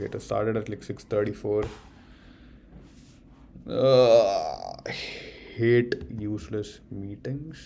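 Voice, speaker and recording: A young man with an Indian accent drifts through a casual live stream, talking slowly in a low, gravelly voice. He mutters to himself, swears now and then and keeps calling the listener bro. Soft typing sounds on a keyboard can be heard behind him. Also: slight background noise. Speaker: streamer studying for exams.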